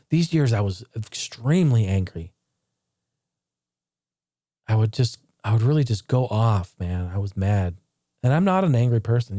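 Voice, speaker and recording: A man's voice: medium pitch, dark tone, dry recording, clean studio sound. A man telling his own story in a candid personal retrospective, blunt and profane, rambling with frequent restarts. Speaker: channel host. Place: home.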